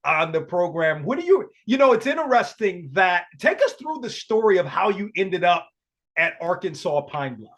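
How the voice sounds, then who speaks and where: A man's voice: high-pitched, very animated, moderate pace, fairly bright tone. A man hosting a podcast interview who stumbles and repeats words as he asks his questions. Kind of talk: casual interview.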